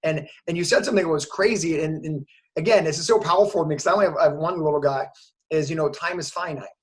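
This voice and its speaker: A man's voice: on the high side, fast. A man hosting an interview, talking casually and with open feeling, often using "like" and "you know". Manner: enthusiastic, emotional, lots of fillers like "like". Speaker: host, course creator.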